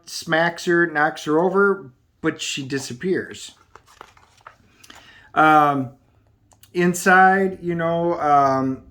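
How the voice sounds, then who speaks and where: A man chats through a comic book's plot, rambling and filling gaps with ums. His voice sits a little high for a man and moves at an easy, casual pace. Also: fairly bright tone. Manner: rambling, with many filler ums. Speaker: comic book reviewer. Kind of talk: casual review recap.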